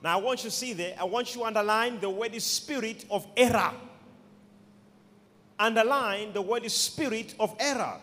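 A man's voice: high voice, normal speed, sharp tone. A man preaching a sermon, emphatic, repeating key words and calling on the congregation to respond. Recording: long hall reverb.

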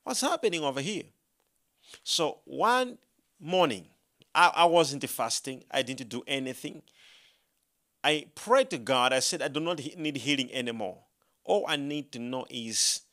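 Medium-pitched and expressive at a normal speed, a man preaches a sermon by animatedly telling his own story. He acts out his prayers and climbs to loud, emphatic proclamation whenever he quotes scripture.

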